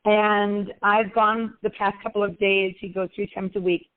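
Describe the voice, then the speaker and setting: A woman's voice: medium pitch, little pitch movement, moderate pace. Brief: grandmother caller, earnest chatty storyteller, phone-line audio. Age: older. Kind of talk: telling a personal story on a group call.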